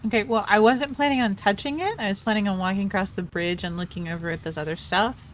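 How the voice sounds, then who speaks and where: A woman's voice: mid-range voice, steady tone, fast, a little hiss or hum, rough recording. A woman playing a tabletop game, describing her character's moves in a matter-of-fact way. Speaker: player.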